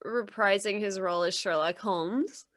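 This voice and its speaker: A woman's voice: mid-range voice, normal speed, a bit bright. A woman co-hosting a movie podcast, chatting casually with wry, dry sarcastic asides. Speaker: podcast co-host. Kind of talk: casual movie review chat.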